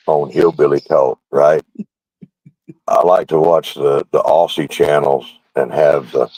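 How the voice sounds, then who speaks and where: Deep-voiced rambling Southern man. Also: a little mellow, no room sound, rough recording. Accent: Southern American hill dialect. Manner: rambling, repeats words, asks "right?". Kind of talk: casual chat.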